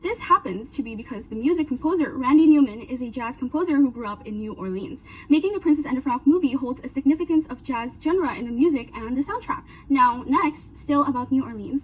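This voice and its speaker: A woman's voice: sits high, a little hiss or hum, rough recording. A young woman giving an earnest class presentation, walking through her points one by one. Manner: earnest, explanatory, lists points with "so" and "now". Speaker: student presenter.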